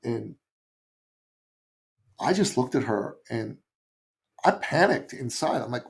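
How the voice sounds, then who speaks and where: A middle-aged man from Canada tells a story as a podcast guest. He speaks in an animated way with a mid-range voice. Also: mid-range voice, moderate pace, gravelly. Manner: animated, acts out quoted voices.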